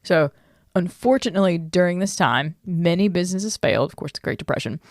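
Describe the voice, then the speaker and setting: A young woman co-hosting a podcast, explaining food history in a relaxed, casually profane way. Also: fairly low pitch, brisk, no echo, studio quality. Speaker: podcast co-host.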